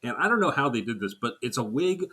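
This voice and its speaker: Lively, bright-voiced male podcast co-host. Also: mid-range voice, fast, slightly rough. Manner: animated, laughs often, acts out quotes. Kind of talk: casual chat.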